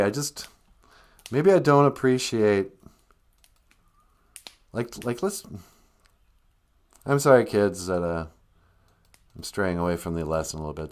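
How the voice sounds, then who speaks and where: Rambling, self-deprecating comic host. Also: male voice, fairly low pitch, darkish tone. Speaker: host of a kids' language show. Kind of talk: comedic live stream.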